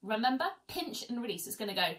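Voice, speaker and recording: A woman's voice: a little high, big pitch swings, quick pace, loud music behind the voice, rough recording. A woman teaching an online violin lesson from home, chatty and encouraging as she counts students in. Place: at home, seated. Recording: faint violin in background. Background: violin playing.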